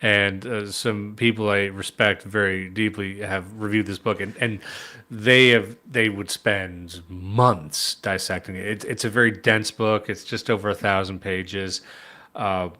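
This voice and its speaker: A man's voice: lowish voice, steady tone, unhurried, pushed and bright. A man co-hosting a podcast in casual chat, rambling, swearing and laughing often. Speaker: podcast co-host.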